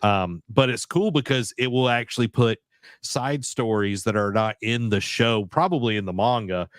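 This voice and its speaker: A man's voice: mid-range voice, normal speed, no echo. Rambling man on a dry close mic. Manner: rambling, many fillers and restarts. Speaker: podcast co-host. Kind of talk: casual chat about video games.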